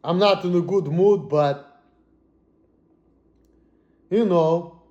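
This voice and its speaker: A high-voiced man rants to the camera, cursing constantly. He swings between low muttering and sudden shouts. The room around him gives the voice a noticeable echo. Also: drawn-out words, lo-fi sound. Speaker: vlogger. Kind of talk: angry personal rant.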